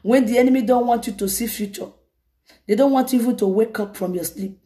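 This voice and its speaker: A woman evangelist, preaching in an animated way and breaking into laughter often. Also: a little high, a little fast. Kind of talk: sermon.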